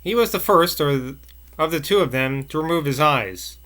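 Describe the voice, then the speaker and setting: Male narrator reading a novel aloud; measured, bright, sharp. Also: on the high side, expressive. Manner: measured with small slips and asides.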